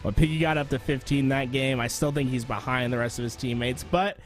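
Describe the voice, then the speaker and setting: A man giving relaxed, chatty live commentary on a competitive shooter match, bantering with his co-caster. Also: mid-range voice, a little fast, faint music behind. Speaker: esports color commentator. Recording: noisy broadcast with game gunfire behind. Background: game gunfire and clicks.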